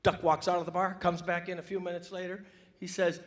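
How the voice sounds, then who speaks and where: A male comedian briskly telling a short joke with a deadpan delivery. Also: high voice, long reverb tail.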